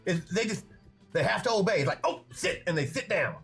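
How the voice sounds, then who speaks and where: A man's voice: high voice, animated, fast talker, soft background music. A man playing a tabletop game, playful and self-mocking. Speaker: player. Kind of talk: casual tabletop play.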